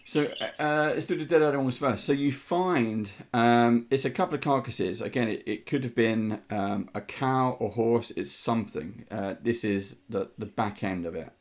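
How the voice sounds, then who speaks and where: A man narrating a tabletop game as game master, descriptive and unhurried with frequent ums. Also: mid-range voice.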